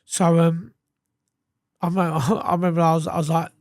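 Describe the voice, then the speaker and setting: A man's voice: a little high, flat delivery, a little fast, darkish tone, no room sound, clean studio sound. An English man, a podcast guest, telling his story casually with heavy swearing and acted-out quotes. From England. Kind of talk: candid storytelling interview.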